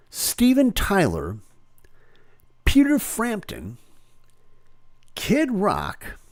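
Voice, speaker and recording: Lively, chatty male host. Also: high-pitched, no echo, clean studio sound. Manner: chatty, halting with fillers and restarts. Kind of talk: casual live-stream chat.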